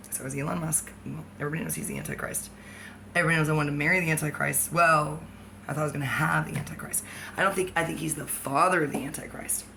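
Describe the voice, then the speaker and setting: A woman's voice: low-pitched, gravelly, sharp tone. A woman in a rambling vlog monologue, free-associating and jumping from thought to thought, often laughing as she talks. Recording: background noise.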